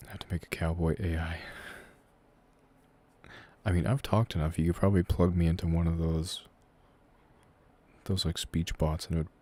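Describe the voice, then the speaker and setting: A man in his twenties from Canada, an audio creator answering viewer questions in a relaxed, rambling live chat from a room at home. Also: sits low, moderate pace, long pauses. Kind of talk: casual live-stream chat.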